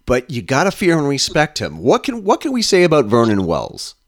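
A man's voice: medium pitch, huge pitch swings, brisk. A man hosting an interview, asking long, rambling questions with a fan's enthusiasm. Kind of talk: casual interview.

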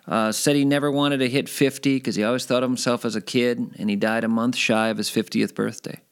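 A middle-aged man from Minnesota telling stories from his past in a casual interview, animated and climbing high when he gets excited. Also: brisk, clear, resonant tone. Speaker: guest storyteller.

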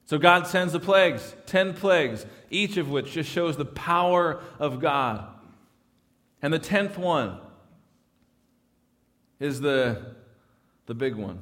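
A man's voice: on the high side, a little slow, fairly bright tone, big-room sound. A man preaching a sermon as pastor, speaking emphatically and often restarting his phrases. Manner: emphatic, repeats words when restarting. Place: church sanctuary.

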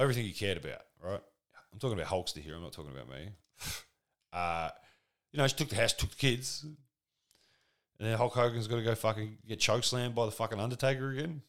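Deep-voiced, crude comic. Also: male voice, a bit bright. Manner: rambling, crude, sardonic, full of fillers. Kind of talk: profane comedic monologue.

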